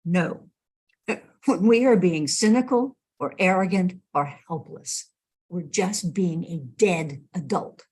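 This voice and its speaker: Woman minister, sermon delivery; slow and husky, expressive storyteller. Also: fairly low pitch.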